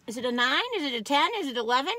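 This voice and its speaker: A woman's voice: sits high, expressive, very fast, bright, forceful tone, no echo. A woman vlogger chatting from inside a car, folksy and rambling as she reviews cookies. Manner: folksy and chatty, drifts off topic. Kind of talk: rambling casual chat. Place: parked car.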